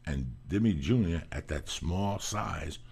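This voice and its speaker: A man with a very low, gravelly voice tells a long personal story in loose, casual talk. His tone is husky and rough, he swears freely and acts out the lines of the people in his story. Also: slow pace. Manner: profane, animated storytelling, acts out quotes.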